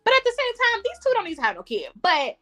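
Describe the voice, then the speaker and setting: A woman's voice: very high-pitched, wildly swooping pitch, fast talker, sharp tone. A woman co-hosting a casual podcast, blunt and profane, often laughing. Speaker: podcast co-host. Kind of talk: casual chat.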